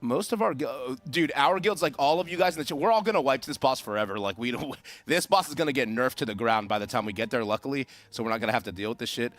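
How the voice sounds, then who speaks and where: A man's voice: medium pitch, animated, fast talker, hardly any pauses, fairly bright tone, dry recording, faint music behind. A man on a live stream, talking casually and loosely, joking and swearing. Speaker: co-caster.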